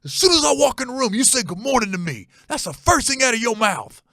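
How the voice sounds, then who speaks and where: A man voicing an angry, ranting middle-aged stepfather who yells a profane tirade. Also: very animated, quick pace, no echo, studio quality, full character voice. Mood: scolding. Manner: yelling, profane, high-pitched tirade.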